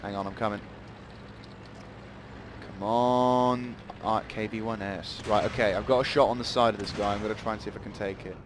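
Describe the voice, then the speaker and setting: A man's voice: lowish voice, fairly even intonation, normal speed, noisy background. A man giving live gameplay commentary, rambling and swearing in sudden outbursts.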